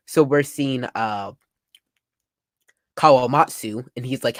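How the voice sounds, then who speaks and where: A young man talks through a comic chapter as he reads it, excitable and chatty. His voice sits at an ordinary pitch, and the recording is dry and close, with no room sound. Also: takes it slowly, no room sound. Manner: excitable, summarizing panels with frequent "like". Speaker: manga reaction youtuber. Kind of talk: casual live reading and reaction.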